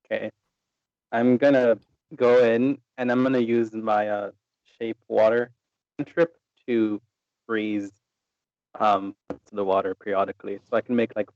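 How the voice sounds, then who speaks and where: Hesitant player, slightly muffled mic. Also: male voice, on the low side, level tone, a little slow, darkish tone, dry recording. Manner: hesitant, plans aloud. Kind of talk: playing a tabletop game.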